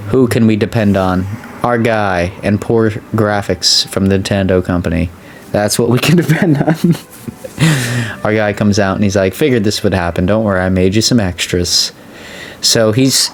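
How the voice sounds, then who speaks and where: Low-voiced chatty gaming guy. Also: a little hiss or hum. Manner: chatty, excitable, voice jumps high when excited. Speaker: let's play host. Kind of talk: casual gameplay commentary.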